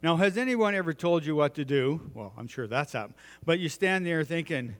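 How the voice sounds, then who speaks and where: A man's voice: a little high, animated, moderate pace. Folksy man preaching in a reverberant hall. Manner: folksy storytelling with many filler "uh"s. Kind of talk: sermon.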